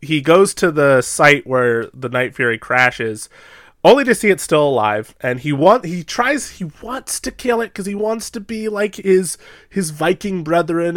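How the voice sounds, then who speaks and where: A young man co-hosting a podcast, telling a story in a casual, animated way with plenty of laughs. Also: on the high side, normal speed, no echo, studio quality. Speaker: podcast co-host. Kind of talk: casual chat.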